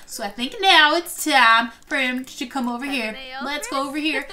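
A woman's voice: sits high, unhurried, few pauses, bright, forceful tone. A young woman commentating her life simulation game play, gasping and gushing over the characters. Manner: gushing, gasps often, repeats "oh my gosh". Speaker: gaming video host. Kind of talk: Sims let's play commentary.

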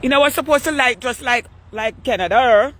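An older woman hosts a live stream while walking outdoors at night, chatting casually. She greets her viewers by name in a relaxed way, speaking at normal speed in a high voice.

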